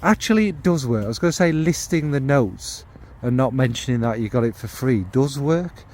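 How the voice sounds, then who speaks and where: Talking to camera about fragrances, a male vlogger rambles at length in a casual, warm, enthusiastic way. His mid-range voice is animated and normally paced, with a little hiss or hum present.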